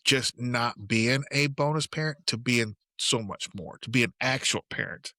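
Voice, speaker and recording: A man's voice: medium pitch, normal speed, no room sound, clean studio sound. A middle-aged man co-hosting a podcast, telling family stories in a casual chat and acting out the dialogue. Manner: animated, acts out quoted dialogue. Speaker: podcast co-host.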